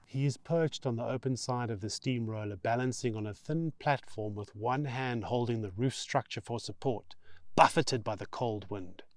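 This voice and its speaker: Brief: male author narrating his novel, mid pitch, steady expressive reading, dry sound. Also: normal speed, dry recording. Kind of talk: audiobook narration.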